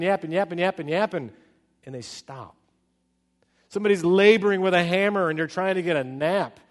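A middle-aged man preaching a sermon as pastor, telling stories with animated swings from loud excitement to hushed, slow speech. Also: high voice, long reverb tail.

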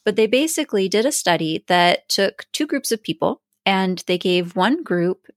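A woman hosting a podcast in casual chat, telling stories in a lively, animated way. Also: mid-range voice, moderate pace, dry recording, studio quality. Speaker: podcast host.

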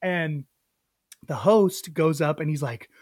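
A young man, a podcast co-host and comedian, telling a story in a casual, animated way, full of fillers and acted-out quotes. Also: fairly high pitch, slow pace, husky, dry recording, studio quality. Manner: animated, filler-heavy, acts out quoted voices.

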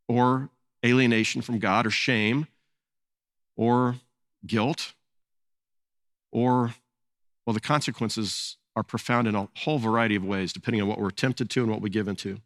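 A man's voice: medium pitch, fairly bright tone, dry recording. Earnest male pastor, dry sound. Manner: earnest, repeats words while searching for phrasing. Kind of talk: sermon.

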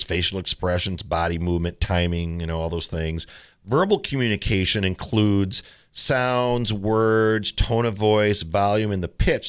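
A man's voice: lowish voice, clean tone. A middle-aged man hosting a tennis coaching podcast, talking casually and telling stories with mimicked quotes. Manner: relaxed storytelling with mimicked quotes. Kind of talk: casual solo podcast talk.

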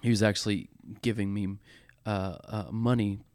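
A man's voice: fairly low pitch, fairly even intonation, a little mellow, dry recording, clean studio sound. A man sharing a personal story from church ministry, talking earnestly with many restarts and repeated words. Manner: earnest, halting with frequent restarts. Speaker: church worship leader. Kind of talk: candid conversational storytelling.

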